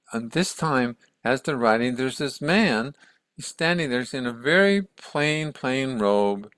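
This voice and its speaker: Guy telling a story like chatting, keeps restarting, gravelly voice, dry close sound. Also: mid-range voice, a bit bright, dry recording. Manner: conversational, many restarts, acts out quotes. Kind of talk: casual spoken retelling of a story.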